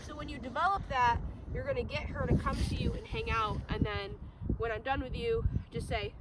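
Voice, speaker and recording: A high-voiced woman dog trainer talks through a lesson in an upbeat, chatty way, her pitch swinging widely. She is recorded outdoors from a distance, with loud wind rushing over the mic. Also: big pitch swings. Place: outdoors in a field.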